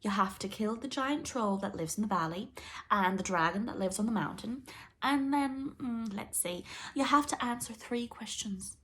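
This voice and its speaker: A woman's voice: mid-range voice, moderate pace, a bit bright, pitched above the performer's own voice, natural voice. A woman voicing a haughty, scheming queen mother who speaks snidely in a storybook. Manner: snide and purring.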